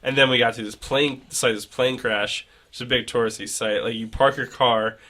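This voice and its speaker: A man's voice: medium pitch, steady tone, moderate pace, bright, forceful tone. A young man co-hosting a casual podcast, telling a rambling travel story full of fillers. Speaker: podcast co-host. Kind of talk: casual chat.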